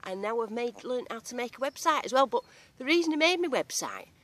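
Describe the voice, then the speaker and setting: A woman from England with a strong regional accent keeps up slangy, joking vlog chatter as she metal detects in a field outdoors. She speaks briskly in a fairly high, fairly bright voice with big pitch swings.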